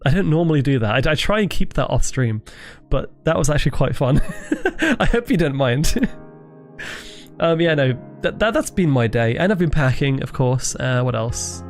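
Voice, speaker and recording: A man's voice: on the high side, big pitch swings, moderate pace, faint music behind. Rambling British man streaming at home. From Britain. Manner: rambling, self-interrupting, swears and laughs easily. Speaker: livestream host. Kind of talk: casual livestream chat. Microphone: desk microphone.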